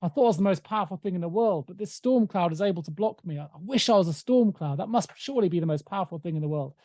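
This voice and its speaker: A man's voice: high-pitched, lively intonation, quick pace, dark tone, no echo, studio quality. Man telling it as a wishful poor stonecutter. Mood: wistful. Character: poor male stonecutter, ever wishing for more power.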